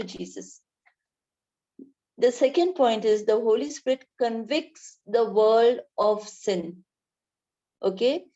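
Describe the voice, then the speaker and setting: A woman from India delivers an earnest sermon, circling back over her own phrases as she quotes scripture. Her voice sits fairly high but sounds mellow and soft-edged. The recording is muffled and lo-fi. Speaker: preacher.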